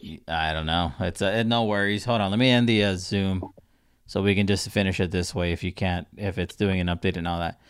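A man's voice: low voice, steady tone, brisk, clear, resonant tone. A young man hosting a podcast, casual, teasing and rambling with some swearing. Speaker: podcast host. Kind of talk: casual chat.

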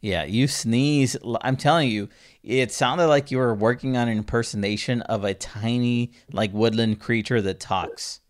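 A man's voice: medium pitch, moderate pace. Young man teasing on a podcast. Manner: teasing, rambling, swears. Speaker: podcast host. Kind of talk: casual chat.

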